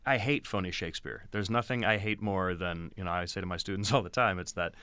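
A man with a deep, bright, forceful voice answers interview questions about directing and teaching actors. His delivery is animated and explanatory. The recording is dry and close. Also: brisk, smooth, no room sound. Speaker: theatre director and acting teacher.

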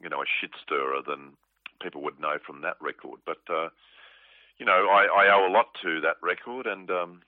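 Deep-voiced man on phone. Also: moderate pace, no echo. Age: 40s. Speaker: comedian guest. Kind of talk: casual phone interview. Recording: tinny dry phone line.

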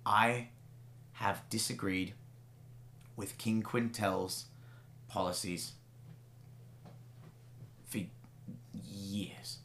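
A man's voice: on the low side, fairly even intonation, very slow, long pauses, fairly bright tone, slight background noise, heavily acted. Man voicing a prim, indignant elf mother. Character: flustered middle-aged mother, a scholar with an office. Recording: roomy echo.

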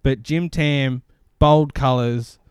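A man co-hosting a casual podcast, easygoing and quick to laugh. His voice comes through smooth and clear, recorded close and dry with no room sound. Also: mid-range voice, fairly even intonation, a little mellow, no echo. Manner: jokey, laughs often, agreeable. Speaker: podcast co-host. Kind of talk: casual chat.

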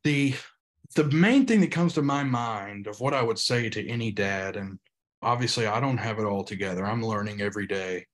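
A young man, a pastor and podcast guest, talking earnestly in casual interview chat, halting with frequent restarts. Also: on the low side.

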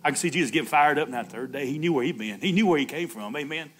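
A man's voice: fairly high pitch, animated, fast talker. A man preaching an Easter sermon, laughing often, calling out "Amen" and acting out the Bible dialogue himself. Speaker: pastor.

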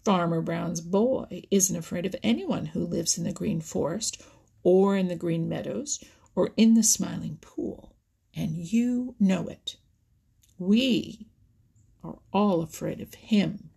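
A woman voicing a doubting, blunt male crow in a storybook, with a husky, gravelly voice. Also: lowish voice, slow pace, dark tone, exaggerated voice. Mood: scoffing. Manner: doubting, snappish.

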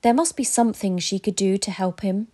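A woman telling a children's story as a podcast storyteller, in a gentle, expressive way. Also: mid-range voice, a little fast, slightly rough.

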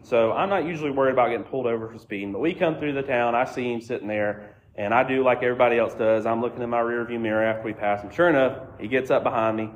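A male pastor, speaking at an ordinary middle pitch. He tells his sermon as a relaxed, self-deprecating personal story. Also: dull audio, a little hiss or hum. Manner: conversational, self-deprecating, acts out quoted voices.

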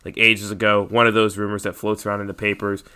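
A man's voice: on the low side, completely flat delivery, fast talker, pushed and bright, smooth. An American man co-hosting a podcast in casual chat, with lots of ums and fillers. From United States. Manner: chatty, lots of ums and likes. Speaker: podcast co-host.

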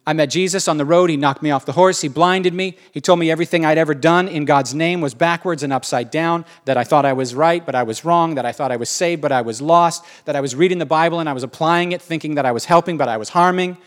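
Fervent apostle, single-minded, driven, repetitive declarations, a preacher putting him on, fairly high voice. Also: male voice, quick pace, few pauses, natural voice. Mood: zealous. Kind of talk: sermon.

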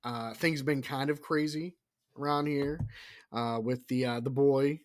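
A middle-aged man hosting a casual solo horror podcast, rambling and profane, dropping into hushed whispers for asides. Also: medium pitch, steady tone, a little slow, slight background noise. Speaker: podcast host.

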